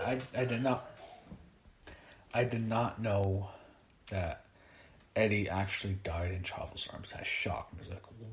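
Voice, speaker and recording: Halting, emotional young man reviewing. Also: on the low side, fairly even intonation. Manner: halting, many fillers and restarts, emotional. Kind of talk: casual spoken review.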